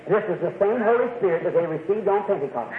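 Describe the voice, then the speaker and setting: A man preaching to a congregation in a high, keen voice, folksy and emphatic, pressing his points home with a quick "See?". The sound is thin and tinny like an old tape. It rings with the echo of a big room. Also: expressive, crowd noise. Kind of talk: sermon. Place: church.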